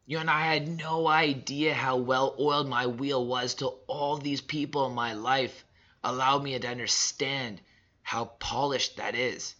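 A man in his thirties delivering a personal motivational monologue, emphatic and repetitive, swinging between loud and soft. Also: mid-range voice, fairly even intonation, measured pace, highs cut off. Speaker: father sharing reflections.

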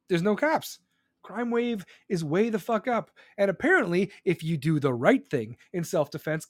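High-pitched man in an angry profane rant. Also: dry recording, clean studio sound. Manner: profane, heated, sarcastic. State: seething. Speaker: streamer ranting.

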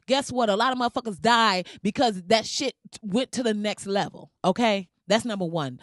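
A woman's voice: a little high, a little fast, few pauses, fairly bright tone, no echo, clean studio sound. A woman giving a heated, profane commentary rant to camera, blunt and swearing freely. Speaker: vlogger.

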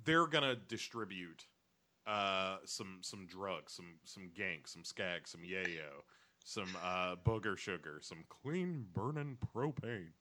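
A man's voice: deep voice, animated, slow pace, bright, forceful tone. A man co-hosting a podcast, recapping a show in a rambling, jokey way with silly voices. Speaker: podcast co-host. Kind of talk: casual comedic recap chat.

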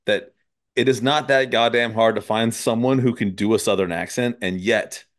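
A man's voice: medium pitch, steady tone, moderate pace. A man hosting a podcast, talking loosely in casual conversation, swearing and laughing often. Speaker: podcast host.

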